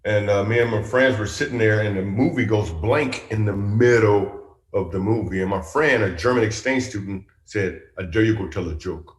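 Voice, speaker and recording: A middle-aged male comedian telling stories in an animated, chatty interview style. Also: lowish voice, normal speed, reverberant. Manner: animated, chatty storytelling with asides. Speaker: comedian guest. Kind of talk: storytelling interview.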